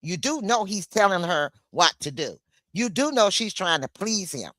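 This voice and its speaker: A woman livestreaming an angry political rant, blunt and swearing, with a slow, deliberate delivery. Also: fairly low pitch, big pitch swings, fairly bright tone, no echo, clean studio sound.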